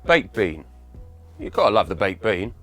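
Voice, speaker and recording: A man with a Cockney accent giving loud, punchy examples of rhyming slang in a lesson video. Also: lowish voice, big pitch swings, normal speed, faint music behind, pitched below the performer's own voice. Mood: cheeky. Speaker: guest speaker in a language lesson video.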